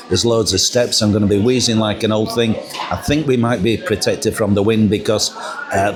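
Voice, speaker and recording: A middle-aged man, chatting casually and jokingly as he walks and films through windy outdoor steps and narrow yards. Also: lowish voice. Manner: chatty, jokey, rambling with ums. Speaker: vlogger. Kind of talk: casual walking vlog. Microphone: camera mic with windshield.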